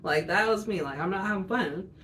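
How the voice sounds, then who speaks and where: A woman's voice: mid-range voice, a little fast, music in the background. Rambling woman in her twenties. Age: 20s. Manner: rambling, filler-heavy, candid. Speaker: vlogger telling a personal story. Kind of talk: casual storytime chat.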